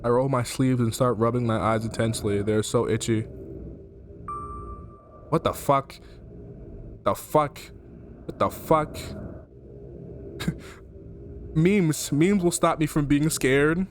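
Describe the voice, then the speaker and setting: A man's voice: mid-range voice, takes it slowly, pauses often, a little hiss or hum. A man playing a horror game on stream, reading the game's lines aloud and reacting with laughter and a lot of swearing. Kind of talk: let's play commentary, reading game text aloud.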